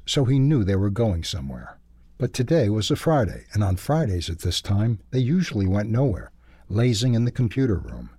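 A man reading a book review and then a children's story in a steady, measured way. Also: lowish voice, breathy edge, no echo. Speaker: reader.

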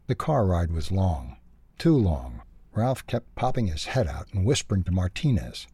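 A man reading a children's storybook aloud, expressive and lively. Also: sits low, normal speed, slightly rough, dry recording.

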